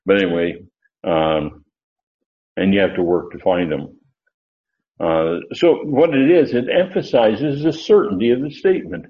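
Unhurried and lively in intonation, this fairly low-voiced man gives a lecture on Bible grammar. He rambles, restarting sentences and filling gaps with filler words, before stressing his essential points with force. The recording sounds dull and lo-fi.

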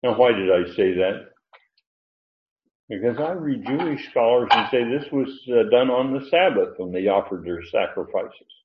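A man preaching a sermon, explaining a Bible passage verse by verse in an unhurried, digressive way with many fillers. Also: medium pitch, expressive. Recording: roomy, muffled.

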